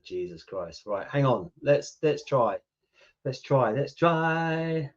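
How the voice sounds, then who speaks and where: Speaking slowly in a sing-song, medium-pitched voice, a British man in his fifties from the United Kingdom chats with viewers and answers their comments. He's a YouTube channel host, and the livestream audio is lo-fi.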